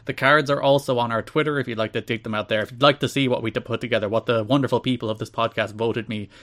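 A man's voice: medium pitch, fairly even intonation, fast talker, fairly bright tone. A man hosting a podcast in casual chat, boastful and teasing his co-host.

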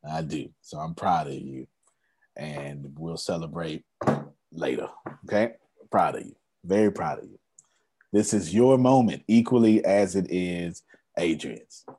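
A man's voice: deep voice, a little slow, dark tone, breathy edge. A man hosting a casual group video meeting, encouraging and repeating his praise. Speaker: host.

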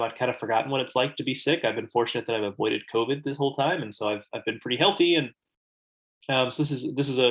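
A man's voice: medium pitch, low-quality recording. A man co-hosting a sports podcast while sick with a cold, so his voice sounds nasal, talking in a rambling, conversational way. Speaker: podcast co-host. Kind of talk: casual podcast chat.

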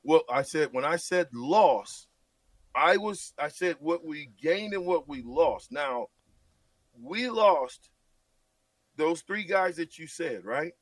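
A lively man talking sports on the radio, his pitch leaping up and down as he teases his co-hosts. He sounds set back from the mic in a dead, dry space. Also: takes it slowly, no room sound, distant mic. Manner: animated, teasing, swings from loud to low.

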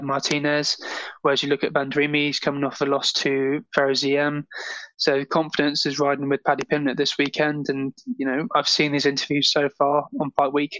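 A man from England talks through a fight in a measured way, his pitch a bit high but flat. The sound is dry and a little dull. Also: dry recording. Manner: measured, with filler "you know". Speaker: podcast co-host, fight analyst. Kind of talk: casual betting analysis.

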